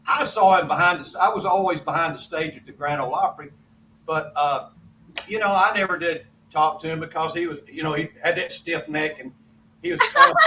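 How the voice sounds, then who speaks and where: A man's voice: high-pitched, bright, forceful tone, far from the mic, a little hiss or hum, low-quality recording. An older man, a guest songwriter telling rambling folksy anecdotes on a video call. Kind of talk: casual storytelling interview.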